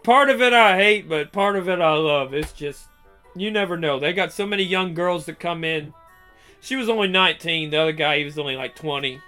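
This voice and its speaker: A young man with a high, forceful, bright voice tells his stories in a loose, profane way. He slips into the other people's lines as he goes. Soft music plays faintly behind him. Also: a little fast. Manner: profane, acts out quoted dialogue. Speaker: storyteller. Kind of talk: casual storytelling.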